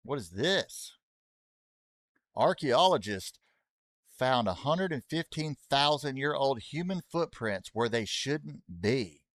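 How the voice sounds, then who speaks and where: In a slow, fairly bright, medium-pitched voice with lively intonation, a man streams a racing game and chats loosely with viewers. He keeps getting sidetracked with jokes and tosses "y'all" asides to chat; the studio-quality audio has no echo.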